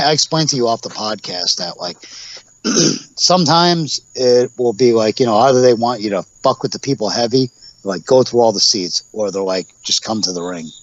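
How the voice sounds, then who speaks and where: A man in his forties rambles through stories in a casual podcast interview, slipping into the voices of the people he quotes. His voice sits at an ordinary pitch. The recording is dull and lo-fi. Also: dry recording. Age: 40s. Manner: rambling storyteller, acts out quotes with laughs. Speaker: guest, professional wrestler.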